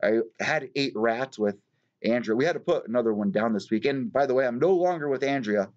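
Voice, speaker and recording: A man rambles through a story on his live show, peppering it with curses and side tangents. His voice sits at an ordinary middle pitch. The sound is dull and lo-fi, like a home stream mic. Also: lively intonation, a little fast, darkish tone. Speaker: host of a live news show. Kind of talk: casual live-stream chat.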